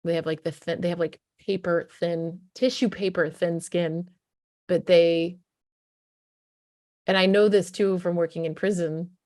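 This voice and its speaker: This parenting coach, a woman, gives casual, emphatic advice straight to camera, acting out things a parent would say to a child. Her fairly low, slightly mellow voice has fairly even intonation and a measured pace. The recording is dry and of studio quality.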